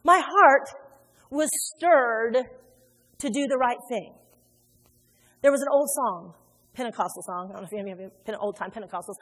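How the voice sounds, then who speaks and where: Preaching in a church sanctuary, an Indiana woman speaks at normal speed with a fairly high pitch, a fairly bright tone and long pauses. She is emphatic and acts out the voices she quotes, while long hall reverb fills the recording.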